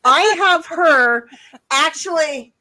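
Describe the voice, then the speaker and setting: A woman's voice: high-pitched, slow, pushed and bright. A woman co-hosting a casual livestream chat, rambling through stories with lots of restarts and giggles. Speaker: livestream co-host.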